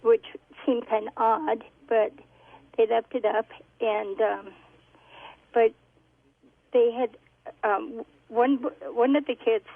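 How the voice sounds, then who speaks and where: A woman caller on a tinny phone line, speaking slowly in an even, flat tone. Her voice is a little gravelly, and she hesitates often as she tells her story. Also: fairly high pitch, no room sound. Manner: hesitant, many ums, halting.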